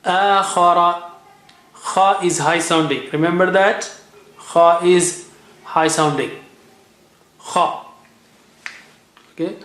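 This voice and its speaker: A man's voice: high-pitched, slow, long pauses, fairly bright tone. A man teaching Quran recitation in a classroom lesson, patiently repeating letter sounds and words for students to copy.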